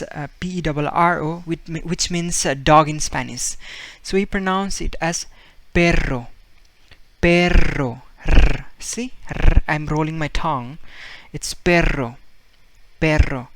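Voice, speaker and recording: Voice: medium pitch, a bit bright, no room sound. Patient, repetitive language teacher, dry sound. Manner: patient, repeats words many times to demonstrate sounds; loose, with frequent fillers and restarts. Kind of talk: casual explanatory video lesson.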